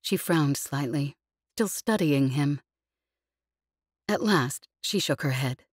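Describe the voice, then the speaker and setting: A woman narrating a novel in a measured, even storytelling voice, read close in a studio. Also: low voice, breathy edge, no echo. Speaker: audiobook narrator. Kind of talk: scripted narration.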